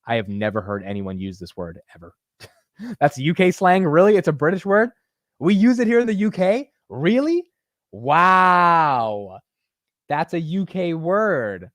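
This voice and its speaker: Male market-stream host, lively chatty delivery, dry close sound. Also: fairly high pitch, unhurried, dry recording. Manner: animated and chatty, reads chat aloud, laughs easily. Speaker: stock market livestream host. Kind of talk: casual live market chat.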